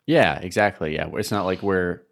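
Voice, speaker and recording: A man's voice: sits low, moderate pace. A man co-hosting a podcast, briefly agreeing and summarizing in a casual theology talk. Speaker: podcast co-host.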